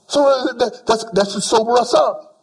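High-voiced emphatic male preacher. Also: very animated, moderate pace, gravelly, husky. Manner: emphatic, repeats phrases for emphasis, voices imagined people. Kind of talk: sermon.

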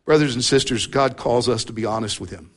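A man preaching a sermon to his congregation, earnest and drawing out key words with slow emphasis. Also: mid-range voice. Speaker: pastor. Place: church service with congregation present.

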